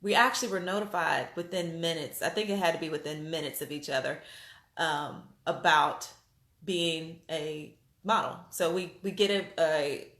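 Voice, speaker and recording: A woman vlogger telling a story to her viewers in a casual, animated way, with lots of fillers and restarts. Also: low voice, normal speed. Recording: roomy echo.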